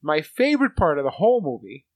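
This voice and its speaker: High-voiced man joking through a movie chat. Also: big pitch swings, fast, no room sound. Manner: crude, joking, laughs often. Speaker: podcast co-host. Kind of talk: casual movie review chat.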